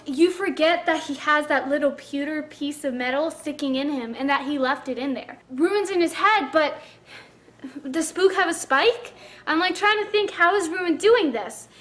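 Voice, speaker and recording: A woman's voice: high voice, fairly bright tone. A woman reviewing a book in a casual vlog, gushing and chatty with lots of "like" fillers.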